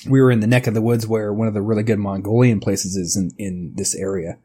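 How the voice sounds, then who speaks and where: A man in his thirties co-hosts a podcast in casual chat, rambling, swearing freely and laughing often. His fairly low voice is mellow and slightly rough, steady in tone and fast.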